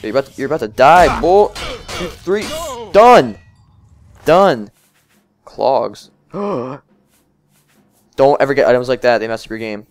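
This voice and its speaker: A young man giving casual, excitable commentary over a video game, swearing and talking to his viewers. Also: mid-range voice, moderate pace. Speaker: let's play gamer.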